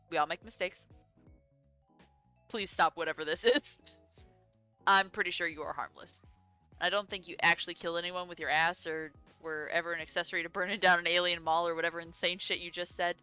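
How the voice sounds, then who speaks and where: A woman reading as a deadpan, sarcastic cool guy. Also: fairly low pitch, normal speed, long pauses, smooth, soft background music. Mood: exasperated. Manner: laid-back, profane, bluntly sarcastic. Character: cool, deadpan young man in sunglasses. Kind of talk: reading a visual novel's lines aloud.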